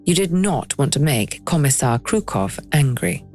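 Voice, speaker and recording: A woman hosting and narrating a documentary podcast in a measured, lightly wry scripted style. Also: a bass voice, big pitch swings, darkish tone, soft background music.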